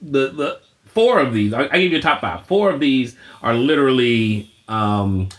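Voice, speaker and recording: A man co-hosting a podcast, chatting casually over a remote call, animated and quick to laugh. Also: medium pitch. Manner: animated, laughs often, acts out gestures in voice. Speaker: podcast co-host. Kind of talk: casual chat.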